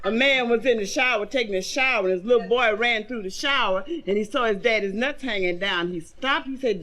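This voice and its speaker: A woman's voice: on the high side, fairly quick, few pauses, a bit bright. A woman stand-up comedian telling raunchy jokes, drawling through the stories and squealing when she acts out the characters, on a 1970s comedy record. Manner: bawdy, drawling storyteller with squealing acted voices.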